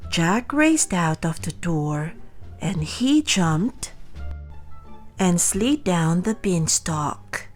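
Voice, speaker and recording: Very slow woman reading a children's story. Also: lowish voice, faint music behind. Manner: slow, expressive read-aloud.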